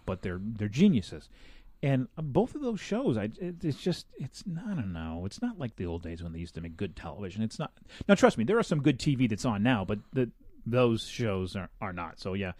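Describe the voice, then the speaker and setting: Lively, jokey male podcast host. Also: fairly low pitch, no echo, clean studio sound. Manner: animated, laughs often, jokey asides. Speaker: podcast co-host reading news stories. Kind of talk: casual chat.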